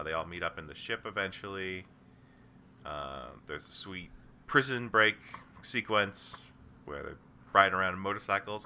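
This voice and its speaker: A man's voice: low voice, bright, forceful tone, slight background noise. A man hosting a casual movie chat, rambling through a plot recap with many fillers.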